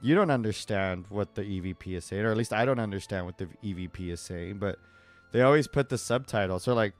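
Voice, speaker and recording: A man's voice: lowish voice, brisk, faint music behind. A man live-streaming as he draws, chatting casually in a rambling, digressive way and laughing often. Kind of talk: casual chat while drawing.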